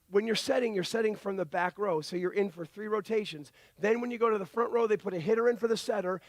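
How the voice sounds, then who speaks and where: A middle-aged man with a high-pitched voice preaches a sermon as a pastor, telling stories animatedly and acting out the voices of the people in them.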